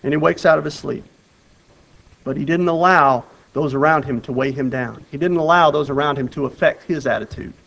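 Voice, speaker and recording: Man, sermon, earnest and conversational, somewhat high voice, repeats phrases, shifts from loud urgency to quiet emphasis. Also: fairly quick, creaky, rough recording. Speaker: preacher. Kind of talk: sermon with Bible reading.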